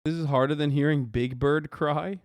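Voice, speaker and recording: Male streamer host, slightly high voice, dry close sound, swears a lot and sounds disbelieving. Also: fairly even intonation, moderate pace, dry recording. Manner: profane, incredulous, mocking. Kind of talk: reaction commentary.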